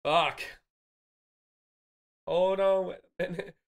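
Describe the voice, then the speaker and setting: A male streamer chatting casually with viewers during a live gaming stream, excitable and profane, joking around while feeling sick. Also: sits high, slow, vocal fry.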